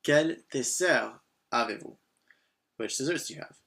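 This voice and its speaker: A man's voice: medium pitch, moderate pace, vocal fry, a bit bright, husky. A man teaching a beginner language lesson, patient and encouraging, with lots of short prompts and repetition. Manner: patient, encouraging, switches between English and French phrases. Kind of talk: scripted lesson narration.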